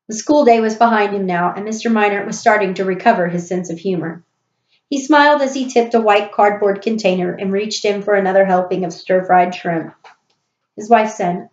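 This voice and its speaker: A woman's voice: medium pitch, normal speed. Woman reading a storybook aloud. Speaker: audiobook reader. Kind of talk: storybook narration. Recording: roomy, dull recording.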